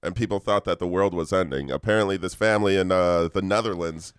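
A man's voice: low-pitched, fast talker, clear, resonant tone, no room sound, clean studio sound. A young man co-hosting a podcast, relaying a news story in a rambling, casual way and laughing often. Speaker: podcast co-host presenting news stories. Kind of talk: casual comedic chat.

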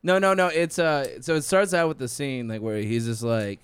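A man's voice: medium pitch, expressive, normal speed, over a noisy crowd. A man co-hosting a podcast, laughing his way through his own stories in casual chat. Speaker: podcast co-host.

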